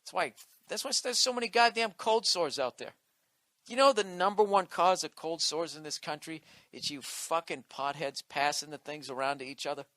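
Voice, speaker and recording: Brief: male comedian ranting hard and swearing, sharp bright tone, dry close sound. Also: fairly high pitch, normal speed, no echo. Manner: profane, combative ranting. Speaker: comedian podcast host. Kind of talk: comedic rant.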